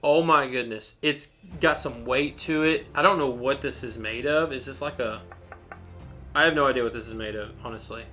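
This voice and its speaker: Bright-voiced, gushing unboxing host. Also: male voice, mid-range voice, normal speed, faint music behind. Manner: enthusiastic, rambling, gushing. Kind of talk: excited unboxing commentary.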